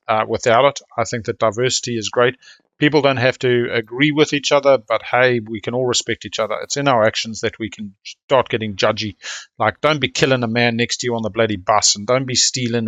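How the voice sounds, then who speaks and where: Excitable South African man commentating. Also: medium pitch, a little fast, dry recording, lo-fi sound. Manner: excitable, chatty, slangy with "mate" and "man". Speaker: game commentator. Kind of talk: live board game commentary.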